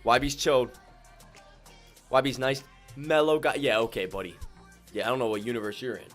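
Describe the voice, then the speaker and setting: Guy livestreaming his trades, mid pitch, slangy, goes from mumbling to yelling woo, faint music behind. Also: fairly quick. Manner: excitable, swings from calm muttering to loud whoops; slangy, keeps addressing viewers as ladies and gentlemen. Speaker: day-trading streamer. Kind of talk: live trading stream commentary.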